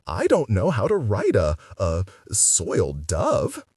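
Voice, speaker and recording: A man's voice: lowish voice, huge pitch swings, slow, a little mellow, husky, dry recording, full character voice. A man voicing an anxious, flustered male playwright who hesitates and stammers. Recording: dry sound, distant mic.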